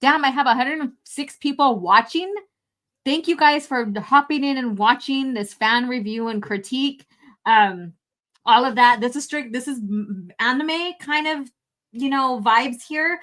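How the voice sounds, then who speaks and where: A woman's voice: sits high, a little slow, fairly bright tone. A woman live-streaming a fan film review, talking casually, laughing and swearing often.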